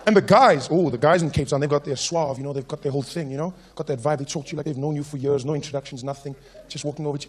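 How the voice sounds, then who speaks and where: A man with a South African accent doing a stand-up comedy routine on stage, telling animated stories and putting on the voices of people he has met. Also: fairly high pitch, very fast, a little hiss or hum. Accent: South African English. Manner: animated storytelling, puts on voices of people he meets. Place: comedy stage with a live audience.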